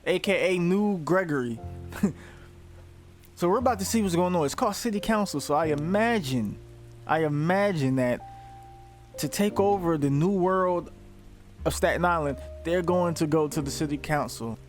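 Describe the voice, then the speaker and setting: A man's voice: fairly high pitch, normal speed, pauses often, faint music behind. A man hosting a reaction video, rambling casually, laughing and swearing.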